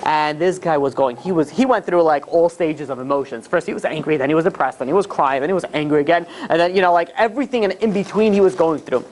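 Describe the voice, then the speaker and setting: A man, a rabbi, telling a story to a live group in a casual, animated way, with many fillers and restarts. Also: a little high, fast, hardly any pauses, slight background noise. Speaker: rabbi teaching a class.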